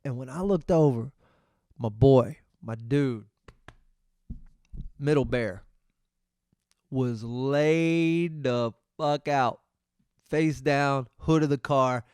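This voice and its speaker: A middle-aged man, hosting his podcast and telling a story in a casual, profane, animated way. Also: medium pitch, very slow, pauses often, clean tone, dry recording, studio quality. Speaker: podcast host.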